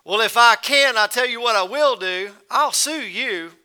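A pushy high-powered city lawyer played by a male pastor, indignant and insistent. His voice is high and piercingly bright, smooth and clear. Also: normal speed, heavily acted. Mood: threatening.

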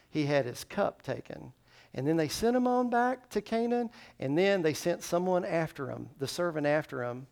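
A man preaching a sermon with a gravelly, slightly high voice. He retells a scripture story with deep feeling and breaks into a short sung refrain. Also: darkish tone. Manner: emotional storytelling, sings a refrain. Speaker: pastor.

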